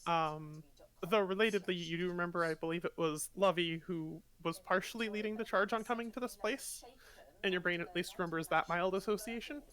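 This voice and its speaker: Lower-voiced woman running a tabletop game. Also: a little fast, a bit bright. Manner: hesitant, filler-heavy description. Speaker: game master.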